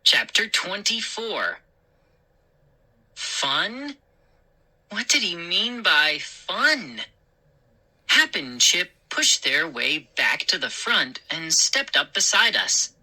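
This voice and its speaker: A woman storyteller reading a scary story aloud, animated and jumping high for the shouted lines. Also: takes it slowly, long pauses, slightly rough, low-quality recording.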